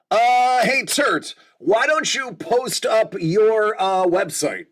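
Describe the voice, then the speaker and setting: A man's voice: high voice, lively intonation, slow pace, few pauses, fairly bright tone. An American man hosting a livestream, chatting casually and jokingly with his viewers and calling them by name. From United States. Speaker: livestream host.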